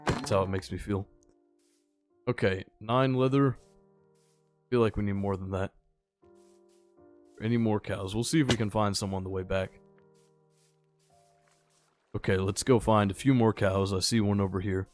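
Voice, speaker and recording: A man's voice: lowish voice, fairly even intonation, moderate pace, long pauses, soft background music. Easygoing young man narrating gameplay. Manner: rambling, easygoing, talks to the game animals. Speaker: gaming channel host. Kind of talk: casual gameplay commentary.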